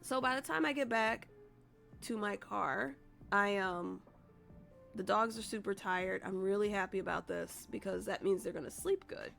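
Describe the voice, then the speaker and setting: Gravelly-voiced woman streamer telling a story. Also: medium pitch, moderate pace, fairly bright tone, soft background music. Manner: chatty, profane, rambling with restarts. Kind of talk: casual storytelling to a live stream chat.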